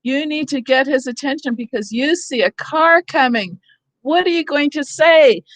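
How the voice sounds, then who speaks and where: A woman leading an online teacher workshop over a video call, animated and demonstrating sounds herself. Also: high-pitched, normal speed. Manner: animated, acts out calling for help. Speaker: teacher trainer.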